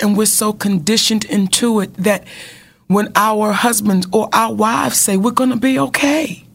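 Woman co-host with a gravelly voice, preaching bluntly and emphatically in loose, colloquial talk. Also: medium pitch. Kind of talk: casual talk show chat.

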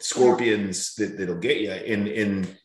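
A man hosting an interview, curious and expressive, who often stumbles as he starts a sentence. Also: lowish voice, takes it slowly. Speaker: host. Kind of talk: casual interview chat. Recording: roomy echo.

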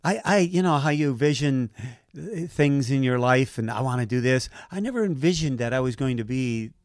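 A man's voice: medium pitch, moderate pace, no room sound. An older man from Southern California talks through his stories in a loose, chatty way. He slips into quoted voices and laughs easily. The sound is dry and close, with no room in it. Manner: animated anecdotes, acts out quoted voices, laughs often. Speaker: guest, race announcer. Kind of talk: casual interview storytelling.

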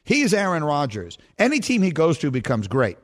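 A man on sports radio delivering a fired-up opinion segment. His voice sits high and swings widely in pitch as he hammers home point after point with rhetorical questions. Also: normal speed. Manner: emphatic, rhetorical questions, animated.

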